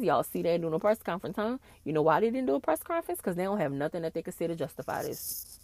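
Gravelly impassioned woman podcaster. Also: fairly low pitch, sing-song, fast, a little mellow. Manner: impassioned, ranting with repeated phrases and slang. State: tearful. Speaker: podcast host. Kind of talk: emotional solo podcast monologue.

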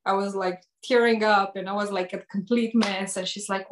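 Hair educator lady telling a story, animated, lots of "like" and restarts, normal pitch. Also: normal speed, reverberant, slight background noise. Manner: animated, frequent restarts and "like" fillers. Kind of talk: personal storytelling in conversation.

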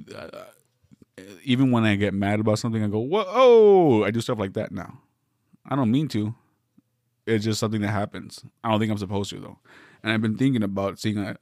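A man's voice: lowish voice, darkish tone, no room sound, studio quality. A man from the West Coast, hosting a solo podcast, riffing through a meandering, wry comedic monologue with many self-interruptions.

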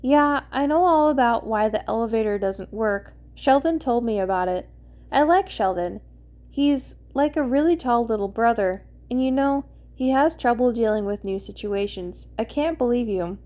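A woman voicing a brash young woman, loud and scolding, as she reads a story aloud. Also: fairly high pitch, expressive, moderate pace, close to an everyday voice. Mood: angry.

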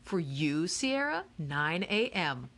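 A woman's voice: fairly low pitch, sing-song, takes it slowly, fairly bright tone, full character voice. A woman voicing an eccentric, cheerful game-maker man who speaks with grand, theatrical courtesy. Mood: grandly courteous.

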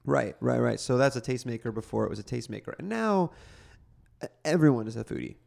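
A man hosting a casual food podcast, chatty and relaxed with casual slang. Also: mid-range voice, fast, gravelly. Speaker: podcast host.

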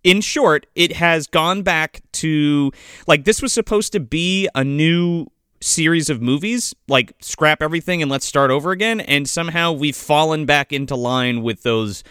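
Podcast host, male, smooth slightly high voice, casual and profane, dry close mic. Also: a little slow, pushed and bright, no room sound. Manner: laid-back, profane, rambling.

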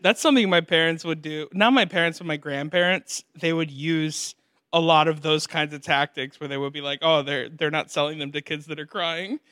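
A young man hosting a podcast, telling animated stories in a casual chat and acting out the voices in them. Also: a little high, moderate pace, no room sound. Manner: animated storyteller, acts out voices and laughs often. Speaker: podcast host.

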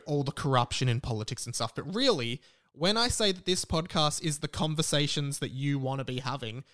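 Aussie guy in his 20s doing a solo podcast, kinda highish voice, rambly and self-deprecating. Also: fairly bright tone. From Australia. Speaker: podcast host.

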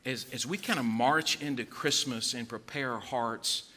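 A male pastor preaching a sermon in an emphatic, animated way, acting out the voices of the people in his stories. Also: mid-range voice, moderate pace.

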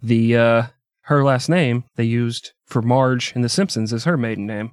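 A man's voice: mid-range voice, moderate pace, smooth, dry recording, studio quality. A man co-hosting a podcast, telling a history story in a casual, jokey, irreverent way and laughing often.

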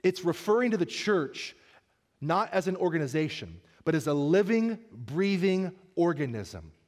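A man as pastor, preaching a sermon, telling a funny story and then turning earnest and soft. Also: on the high side, very animated, measured pace, in a large hall.

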